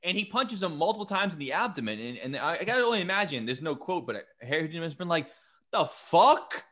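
Male podcast host, lively storyteller, swears, acts out quotes. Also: a little high, very fast. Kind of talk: casual chat.

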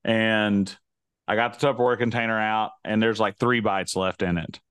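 Smooth-voiced man telling rambling stories. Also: fairly low pitch, fairly even intonation, normal speed, fairly bright tone, no room sound. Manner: rambling, self-interrupting storyteller. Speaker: podcast co-host. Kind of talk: casual chat.

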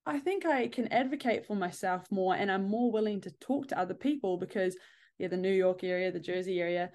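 A woman hosting a casual interview, animated and laughing, acting out the lines she quotes. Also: medium pitch, fairly quick. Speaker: host.

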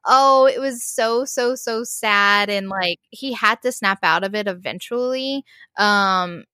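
A woman's voice: medium pitch, takes it slowly, bright, forceful tone, no echo. A woman in casual chat, emotionally recapping a show with lots of "like" and restarts. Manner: emotional, gushing, many "like"s and restarts.

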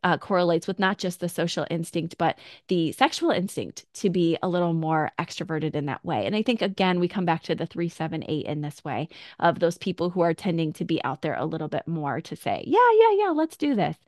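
A woman's voice: deep voice, fairly quick, few pauses, darkish tone, dry recording, studio quality. A woman hosting a podcast, talking through personality traits in a reflective, conversational way and acting out quoted thoughts. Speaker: podcast host. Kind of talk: casual teaching talk.

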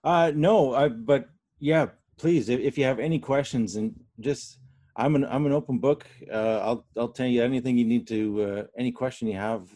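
A man's voice: medium pitch, normal speed, dark tone, dry recording. Guy real estate agent, sincere, lots of ums, mid voice, dry close sound. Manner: earnest, hesitant, many fillers. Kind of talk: casual conversation.

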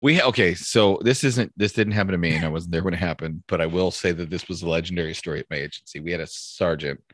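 A man, a police officer, telling a rambling story in a relaxed, laughing way during casual chat. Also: low voice, fast, dry recording, studio quality.

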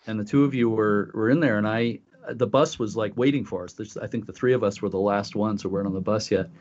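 Low-voiced man, rambling storyteller. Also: fairly even intonation, quick pace, a little mellow. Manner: rambling, many fillers and restarts. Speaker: podcast co-host. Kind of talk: casual conversational storytelling. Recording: dull lo-fi audio.

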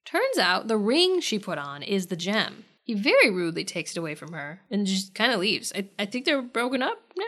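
A woman's voice: medium pitch, big pitch swings, moderate pace, hardly any pauses, fairly bright tone. A woman co-hosting a podcast, recapping a TV episode in casual chat, laughing often and acting out characters. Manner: chatty, laughs often, acts out characters in quotes.

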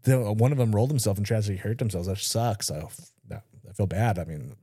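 A man's voice: on the low side, lively intonation, brisk, warm tone, husky, dry recording. A man in his thirties tells a story on a podcast in loose, casual talk. He swears freely and acts out the people he quotes. The recording is dry and close to the mic. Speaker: podcast co-host.

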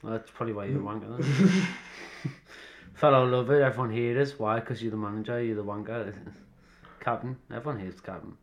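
A man's voice: mid-range voice, a little fast. A man co-hosting a podcast, chatting casually and telling stories with swearing and laughter. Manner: banter with swearing and frequent laughs. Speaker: podcast co-host. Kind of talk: casual chat.

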